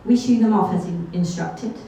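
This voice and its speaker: A woman's voice: fairly low pitch, normal speed, dark tone, a little hiss or hum. A woman telling a true story on stage at a live event, chatty and self-deprecating, with little asides. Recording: echoey hall from far off.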